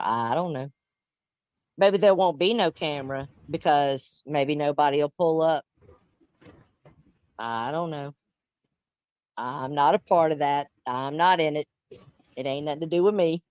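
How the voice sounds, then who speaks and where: A woman's voice: low-pitched, dry recording, dull audio. Middle-aged woman, stream host, blunt and cussing, dry close sound. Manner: blunt, profane, emphatic. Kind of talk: casual chat.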